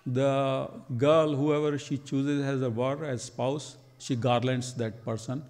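A man, telling a devotional story as a temple speaker and acting out the quoted lines with lively energy. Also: mid-range voice, slow, in a large hall. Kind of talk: storytelling sermon. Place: temple hall.

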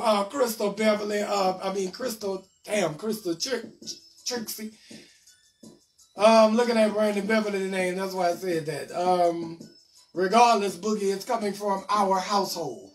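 Male comedian host, high voice, reads viewer comments with loose jokes; off-mic, music playing behind. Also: steady tone, a little slow, far from the mic. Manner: loose, joking, talks back to commenters. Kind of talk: live-stream commentary reading viewer comments.

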